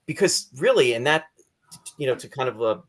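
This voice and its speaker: A man's voice: mid-range voice, animated, brisk. A man hosting a casual interview chat, rambling and apologetic, with a voice he says is going. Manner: rambling, apologetic, restarts often. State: losing his voice, clearing throat. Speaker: podcast host.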